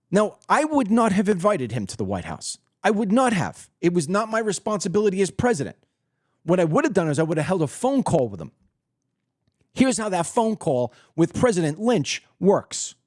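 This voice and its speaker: A man hosting his own political commentary show, delivering a heated monologue in a blunt, combative way that swings between loud outbursts and low, threatening tones. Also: no room sound, clean studio sound.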